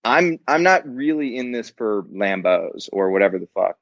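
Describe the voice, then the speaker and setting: A man's voice: on the low side, big pitch swings, normal speed, vocal fry, no echo. A man talking as an interview guest in casual chat, blunt and profane, laughing often. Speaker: podcast guest. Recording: dry, dull lo-fi sound.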